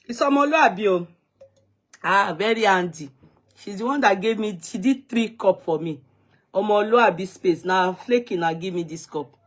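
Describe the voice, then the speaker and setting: Speaking in a mid-range voice at a moderate pace, a Nigerian woman runs a laid-back livestream. She teases and chats, calls out viewers by name, and switches between Yoruba and Pidgin.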